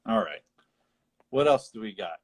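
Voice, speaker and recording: A man co-hosting a casual podcast, recapping a film in a rambling, animated way with frequent laughter. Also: on the low side, moderate pace. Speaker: podcast co-host. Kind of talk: casual film discussion chat.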